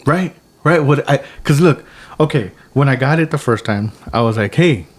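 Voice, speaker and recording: A man's voice: mid-range voice, normal speed, a little hiss or hum. Brief: young male podcast co-host, casual rambly chat, lots of restarts, acts out quotes. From United States. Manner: rambling storyteller, many restarts, animated quotes. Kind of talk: casual chat over drinks.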